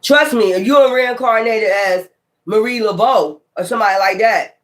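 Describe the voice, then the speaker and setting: Brief: a profane, animated tarot reader with a mid-pitched voice, talking through the cards. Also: normal speed. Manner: animated, profane, calls listener child. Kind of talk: casual tarot reading.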